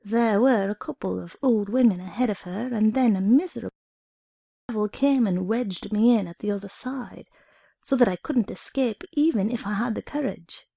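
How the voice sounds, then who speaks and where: A woman reading a short story aloud in an expressive first-person narration. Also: mid-range voice, moderate pace, vocal fry, breathy edge, no room sound, clean studio sound.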